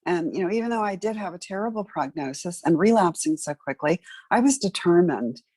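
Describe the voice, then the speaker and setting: Middle-aged woman, interview guest, earnest, chatty, lowish voice, dry close sound. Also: lively intonation, a little fast, darkish tone, breathy edge, no room sound. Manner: earnest, conversational, many "you know" fillers. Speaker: interview guest, patient advocate. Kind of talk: personal story in an interview.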